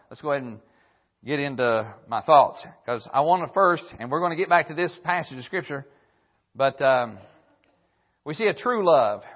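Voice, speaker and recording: On a radio church broadcast, a man with a somewhat high, breathy voice preaches a sermon, reading old-fashioned scripture verses aloud and circling back to repeat key phrases. The sound is lo-fi.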